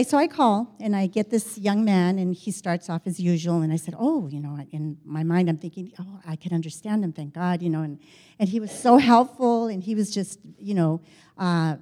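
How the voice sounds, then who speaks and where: An older woman shares a personal story in a chatty, animated way, quoting each side of a conversation as she goes. Her voice is warm and mellow, of middle height for a woman. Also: mid-range voice, normal speed. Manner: chatty, animated, quotes dialogue, frequent restarts.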